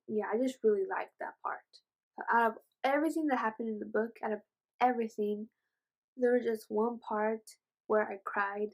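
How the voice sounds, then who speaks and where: A woman retelling a novel's plot in a casual book review vlog, gushing and excitable, with rambling asides and many fillers. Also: mid-range voice, low-quality recording. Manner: gushing, excitable, says "oh my gosh" often.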